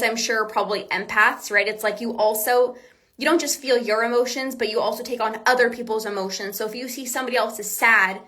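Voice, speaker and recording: Woman podcast coach, higher-pitched voice, earnest, reassuring, repetitive. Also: bright, forceful tone. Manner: acts out quoted self-talk. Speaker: binge eating coach and podcast host. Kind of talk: motivational podcast talk.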